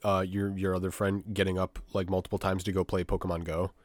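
A man's voice: low-pitched, little pitch movement, fast, dry recording, studio quality. A young man in casual chat who talks bluntly, swears a lot and bursts out with emphasis. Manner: blunt, profane, emphatic outbursts.

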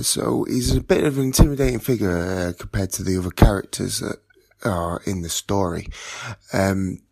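A man with a fairly low voice presents his game character in measured, formal sentences, pausing on the odd uh. The recording is close and dry, with little room sound. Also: a little mellow, no room sound. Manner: measured, formal wording, occasional uhs. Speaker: player introducing his character. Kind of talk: read-out podcast introduction.

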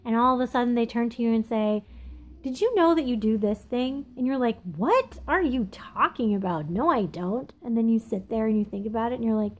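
Woman, 30s, slightly high voice, candid solo podcast musing, halting and unpolished. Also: a little mellow. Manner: candid, confessional, halting with many ums. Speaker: podcast host. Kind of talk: casual reflective monologue. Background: phone texting interruptions.

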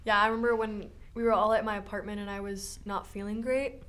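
A woman's voice: mid-range voice, little pitch movement, fast talker, fairly bright tone. A young woman co-hosting a podcast, chatting casually and saying "like" a lot. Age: young adult. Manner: chatty, says "like" often. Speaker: podcast co-host. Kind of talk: casual chat.

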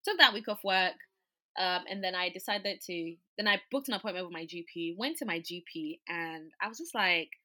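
A woman, telling a personal story in casual chat, animated and full of "like" and "you know". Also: fairly low pitch, normal speed.

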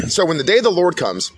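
This middle-aged man's voice is high and fairly bright, with a faint hiss or hum behind it. Preaching off the cuff on his podcast, he's blunt, swears freely, and hammers the same warnings again and again.

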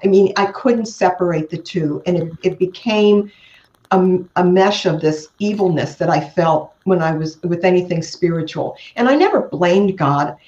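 An older woman guest speaking earnestly and in a measured way in an interview. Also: on the low side, a little mellow. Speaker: guest, author. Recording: echoey, muffled remote audio.

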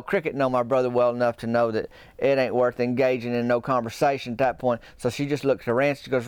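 A man's voice: mid-range voice, little pitch movement, fairly quick, few pauses, clear, resonant tone, no room sound. A man telling a comic story in a folksy, rambling, drawling way. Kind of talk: comedic storytelling.

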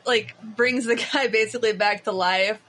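A woman podcast co-host in casual chat, telling stories in a lively, animated way with quick asides. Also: a little high, a little hiss or hum.

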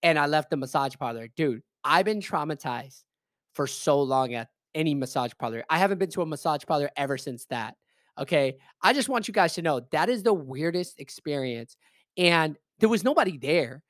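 A man telling a personal story in casual, animated, emphatic speech, swearing freely. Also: fairly high pitch, normal speed, dry recording. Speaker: podcast host. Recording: dry close voice message.

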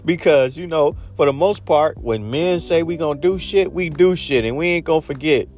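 A man's voice: on the high side, moderate pace, faint music behind. A man in a casual monologue giving blunt dating advice, acting out little scenes as he goes. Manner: blunt, animated storytelling with acted-out quotes.

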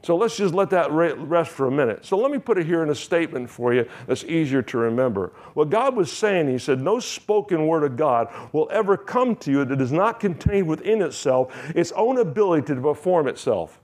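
A man's voice: fairly high pitch, expressive, fairly quick, few pauses, a little mellow. A man, a pastor, preaching a sermon with emphatic, repeated phrases and rising questions.

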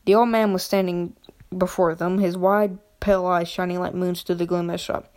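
A woman reads a children's novel aloud at home pace, her fairly low voice staying flat and even. The delivery is unpolished, with frequent slips and restarts. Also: normal speed. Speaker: reader.

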